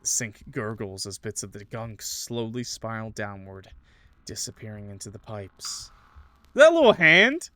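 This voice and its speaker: A man's voice: lowish voice, flat delivery, normal speed, fairly bright tone, no room sound, soft background music. A man streaming a horror visual novel, reading it aloud dramatically with casual joking asides. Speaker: gaming streamer.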